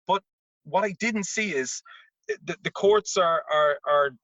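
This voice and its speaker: Lively man telling a story. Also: high voice, unhurried, dry recording. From Ireland. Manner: animated anecdote-telling, acts out quoted voices. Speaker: interview guest, tennis coach. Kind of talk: casual storytelling. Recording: dull lo-fi remote audio.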